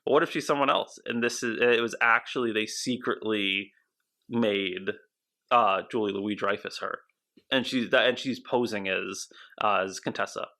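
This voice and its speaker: A man co-hosting a podcast who theorizes in an animated, rambling way, with frequent restarts. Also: on the low side, normal speed. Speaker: podcast co-host. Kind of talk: casual podcast chat.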